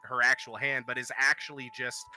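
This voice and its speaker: A man narrating as game master in a tabletop game, halting and full of ums and uhs. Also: medium pitch, level tone, pushed and bright, faint music behind.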